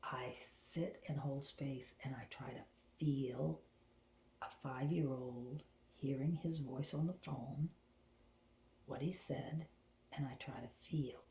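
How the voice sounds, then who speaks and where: A middle-aged woman hosting a spiritual talk, telling a personal story in an animated way and dropping into hushed whispers for her inner thoughts. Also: extremely low pitch, slow, a little hiss or hum. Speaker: host and spiritual channeler. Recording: roomy echo.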